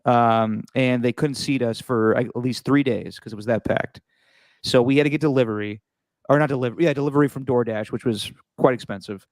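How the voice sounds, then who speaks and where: Animated man telling a story on a podcast. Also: mid-range voice, brisk, dry recording. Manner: animated, repeats words and restarts while telling stories. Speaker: podcast host. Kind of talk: casual storytelling chat.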